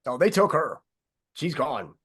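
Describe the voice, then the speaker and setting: A man's voice: on the high side, very animated, measured pace, a bit bright, husky. A man hosting a casual talk show, talking in long, heated, rambling runs and swearing freely. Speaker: host.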